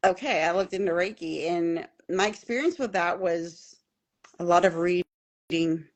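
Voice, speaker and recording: A middle-aged woman guest in a casual interview, telling her story in an animated, openly emotional way and acting out the voices she quotes. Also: on the low side, a little slow.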